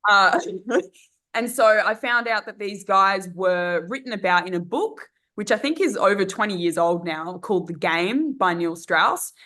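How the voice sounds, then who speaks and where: A woman's voice: mid-range voice, expressive, unhurried, pushed and bright. An Australian woman in her thirties, a guest on a casual podcast, chatting in a rambling way with many fillers and restarts. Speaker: guest, dating coach.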